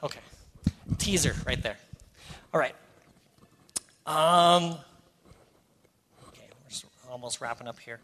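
A man's voice: fairly high pitch, slow pace, pauses often, sharp tone. A middle-aged Canadian man preaching a sermon, earnest and conversational with playful asides. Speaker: pastor. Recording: hall reverb.

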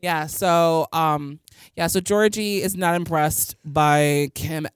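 A young woman co-hosting a podcast, rambling casually with many halting restarts. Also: sits low, clear, resonant tone, dry recording, studio quality. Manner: rambling, halting, full of fillers. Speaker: podcast co-host. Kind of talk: casual chat.

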